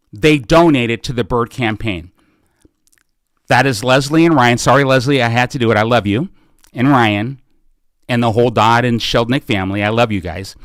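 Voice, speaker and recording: A man's voice: mid-range voice, fairly bright tone, no room sound, studio quality. Fervent middle-aged man rallying listeners. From United States. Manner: fervent, exhortative, repeating calls to action. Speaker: podcast host and political candidate. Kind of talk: live podcast Q&A, rallying appeal.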